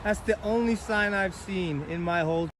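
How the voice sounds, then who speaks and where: Forties man, high voice, fiery and foul-mouthed storyteller. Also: normal speed, fairly bright tone, a little hiss or hum. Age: 40s. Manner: profane, fiery, blunt. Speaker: vlogger telling a story. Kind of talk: heated storytelling monologue.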